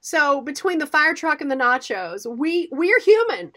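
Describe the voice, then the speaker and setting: High-voiced animated woman co-host. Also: a little slow. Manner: animated storyteller, acts out quotes. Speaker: radio show co-host. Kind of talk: casual chat.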